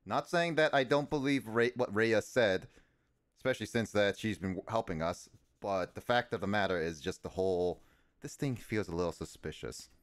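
A man playing a tabletop game, halting in his speech and asking rules questions. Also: fairly low pitch, dry recording. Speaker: player. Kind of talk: casual tabletop game chat.

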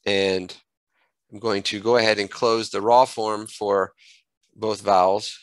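Halting man giving a software tutorial. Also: fairly low pitch, flat delivery, clean tone, no echo, rough recording. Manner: halting, self-correcting, thinks aloud while clicking. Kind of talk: screen-recorded software tutorial.

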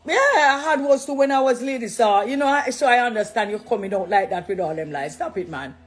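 A woman's voice: a little high, fairly quick. Jamaican woman preaching to camera. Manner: animated, preachy, affectionate, mixing patois. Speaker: dancehall artist. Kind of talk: casual direct-to-camera talk.

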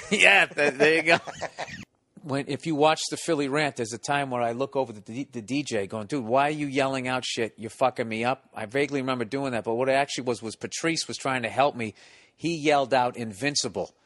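A man telling a stand-up story in casual podcast chat, profane and animated, acting out the people in it. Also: mid-range voice, quick pace, no room sound.

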